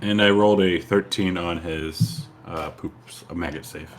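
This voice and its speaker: A man playing in a tabletop game who describes his moves in a slow, halting way with fillers. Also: deep voice, fairly even intonation. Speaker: player.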